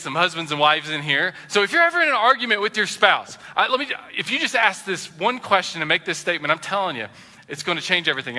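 A man preaching a sermon as a pastor, animated and acting out the voices he quotes. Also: a little high, big-room sound. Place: church sanctuary.

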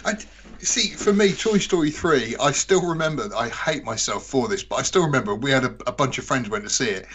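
A man's voice: medium pitch, animated, fairly quick, a bit bright, breathy edge. A British man co-hosting a podcast in casual chat, laughing easily and mocking himself. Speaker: podcast co-host.

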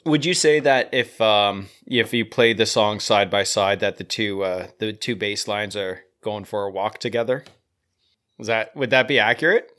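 A man's voice: fairly low pitch, moderate pace, a bit bright. A man co-hosting a podcast, joking around in casual chat with many fillers. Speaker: podcast co-host.

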